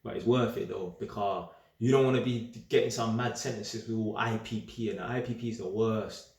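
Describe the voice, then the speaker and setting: A young man giving a casual, straight-talking monologue in streetwise slang, animated and emphatic and often repeating himself. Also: lowish voice, a little fast. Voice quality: streetwise slang-heavy talk. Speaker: vlogger. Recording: roomy echo.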